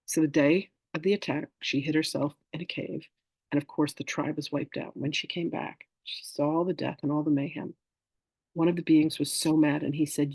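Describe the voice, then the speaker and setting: Gravelly man telling lively stories. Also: a little high, fairly quick, no echo, rough recording. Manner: animated storyteller acting out quoted voices. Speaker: spiritual teacher hosting a masterclass. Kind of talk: casual teaching with storytelling.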